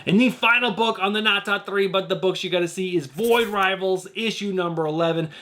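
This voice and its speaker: High-voiced, enthusiastic male vlogger. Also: fairly bright tone. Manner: enthusiastic, gushing; addresses viewers as guys. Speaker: comic book channel host. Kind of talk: casual vlog talk.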